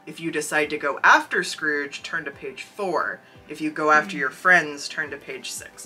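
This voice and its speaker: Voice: mid-range voice, normal speed, few pauses, bright, forceful tone, soft background music, rough recording. A podcast co-host reading a choose-your-own-adventure story aloud, with wry, jokey asides. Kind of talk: casual chat and reading aloud.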